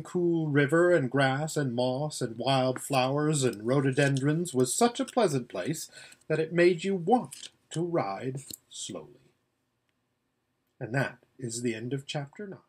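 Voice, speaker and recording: A man reading a children's novel aloud as an audiobook, with expressive storytelling. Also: medium pitch, slightly rough. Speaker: narrator.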